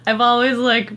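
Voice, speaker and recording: A woman's voice: a little high, fairly bright tone, breathy edge. A woman playing in a tabletop game who laughs often and draws her words out as she chats. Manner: laughs often, drawn-out speech. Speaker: player. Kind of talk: casual tabletop game chat.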